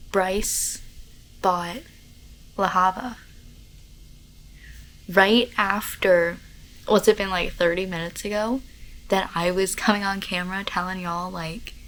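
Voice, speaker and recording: A young woman, excitedly rambling about a book to her camera in a casual reading vlog, full of fillers. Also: on the low side, rough recording. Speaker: book vlogger. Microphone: camera mic, talking to camera.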